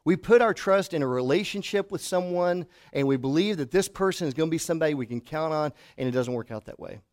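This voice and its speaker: A middle-aged pastor preaching a sermon to his congregation, telling stories and dropping to a hush for emphasis. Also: a little high, lively intonation, fast. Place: church hall before a congregation.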